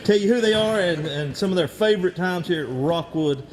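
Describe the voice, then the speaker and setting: A man interviewing high school basketball players in a casual, teasing way. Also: fairly quick. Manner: joking, teasing. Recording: noisy gym with crowd chatter.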